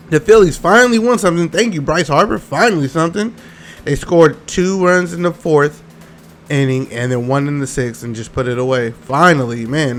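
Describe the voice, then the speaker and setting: Animated man recapping sports scores. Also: fairly high pitch, slight background noise. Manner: animated, slangy, addresses viewers directly. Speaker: sports podcast host.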